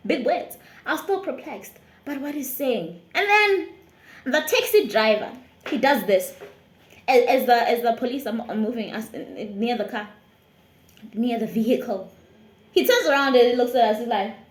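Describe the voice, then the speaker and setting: A South African woman, a YouTuber, telling a lively storytime tale with frequent laughter. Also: high-pitched, echoey room. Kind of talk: storytime vlog.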